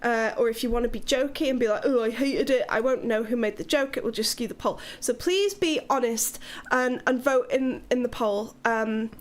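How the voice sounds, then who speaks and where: High-voiced British woman streamer. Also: moderate pace, few pauses. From Wales. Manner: chatty, rambling, frank with swearing. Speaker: livestreamer. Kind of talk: casual live-stream chat.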